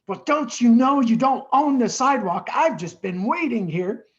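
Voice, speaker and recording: A man's voice: extremely high pitch, animated, moderate pace, lo-fi sound, voice pushed up. A man voicing a cranky old woman who scolds a stranger, in a raised, indignant voice.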